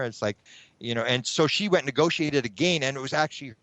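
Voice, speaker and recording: Middle-aged male guest, chatty storyteller, mid pitch, dry lo-fi sound. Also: fast talker, dry recording. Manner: animated, acts out his own past thoughts. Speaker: guest, UFO researcher. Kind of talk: rambling anecdotal storytelling. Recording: dull lo-fi sound.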